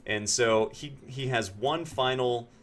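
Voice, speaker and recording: A man from Pennsylvania, a game streamer, telling a story in a casual, animated way and acting out other people's lines. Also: mid-range voice, takes it slowly.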